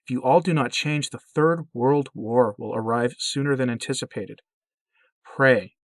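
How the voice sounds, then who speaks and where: A man reading as a gentle motherly heavenly lady. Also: medium pitch, unhurried, no echo, close to an everyday voice. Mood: gently pleading.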